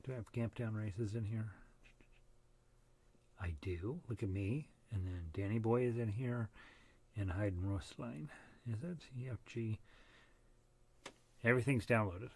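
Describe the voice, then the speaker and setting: A man's voice: lowish voice, unhurried, long pauses, breathy edge. A middle-aged man leading a casual harmonica group lesson, chatty and self-deprecating, short of breath. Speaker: harmonica ensemble leader.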